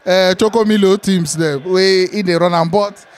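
Nigerian male interviewer, Pidgin English, high voice, short prompting questions. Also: steady tone, moderate pace. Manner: prompting questions, brief remarks. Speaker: interviewer asking fan's reaction. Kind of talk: casual post-match chat.

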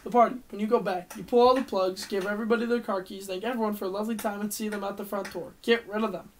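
A man's voice: high-pitched, quick pace, slight background noise, lightly acted. A man voicing a blunt, matter-of-fact young male musician who talks without much sympathy, in an audiobook reading. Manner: flat, unsympathetic.

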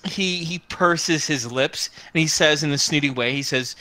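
A game master narrating a tabletop game with amused, halting delivery full of fillers. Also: mid-range voice, pushed and bright, no room sound.

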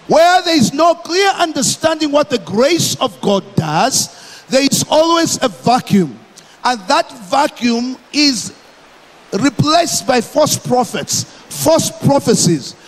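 Slow, high-voiced preacher in echoing hall. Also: male voice, sing-song. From Malawi. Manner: emphatic, repeats phrases, slow deliberate preaching. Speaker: pastor. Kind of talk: sermon.

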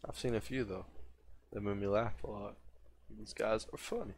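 A man's voice: lowish voice, normal speed, breathy edge. A young man in his twenties chatting casually on a livestream, rambling and profane, with lots of restarts. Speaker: streamer.

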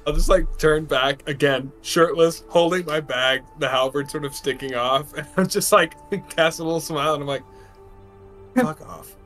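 A man's voice: fairly high pitch, normal speed, few pauses, a bit bright, soft background music. A man playing in a tabletop game, talking in a laid-back, joking way. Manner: laid-back, laughing, with fillers. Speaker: player. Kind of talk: casual tabletop play.

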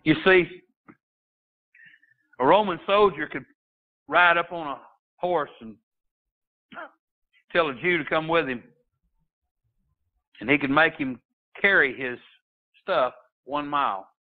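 A man's voice: on the high side, slow pace, pauses often. A man preaching a sermon as a pastor, rising into emphatic bursts and quoting scripture in old-fashioned wording. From Texas. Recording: tinny phone-line sound.

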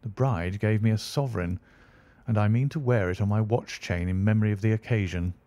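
A man narrating an audiobook in a measured storytelling delivery. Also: fairly low pitch, dark tone, dry recording.

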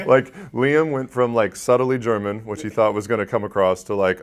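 A man's voice: fairly low pitch, steady tone, a little fast, hardly any pauses. A man working as a voice actor, answering interview questions in a rambling, casual way and laughing often. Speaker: voice actor guest.

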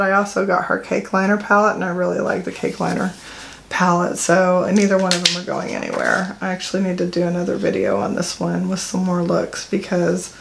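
A woman's voice: lowish voice, gravelly, a bit bright. A middle-aged woman talks through her makeup collection in a loose, rambling way. She fills the gaps with "um" and corrects herself as she goes. There is a faint hiss behind her voice. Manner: chatty, rambling, with fillers and self-corrections. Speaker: beauty vlogger. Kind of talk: casual product talk to camera.

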